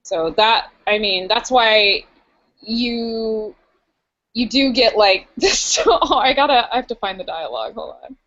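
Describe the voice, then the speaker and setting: A woman's voice: on the high side, a little slow, a bit bright, highs cut off. A young woman co-hosting a podcast in a casual, chatty, giggly way. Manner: chatty and giggly, full of fillers. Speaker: podcast co-host. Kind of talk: casual chat.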